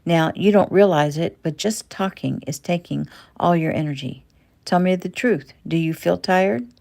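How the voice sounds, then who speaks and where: Lady reading a caring young doctor sister, firm, low gravelly voice. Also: normal speed, darkish tone.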